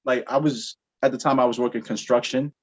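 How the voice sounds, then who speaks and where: A man's voice: brisk, breathy edge. Man spinning a story on a chat show, voices the dialogue, sound a bit muffled. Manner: animated, acts out dialogue with jumps in pitch. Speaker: podcast guest. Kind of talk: casual storytelling.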